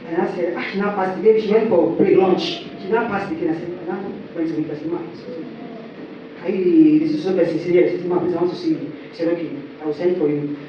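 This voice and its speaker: A young Nigerian woman telling her church testimony as a story, acting out quotes and rising high when she gets excited. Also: fast. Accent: Nigerian English. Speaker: church member giving testimony. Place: church hall. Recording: echoey, distant, muffled with background noise.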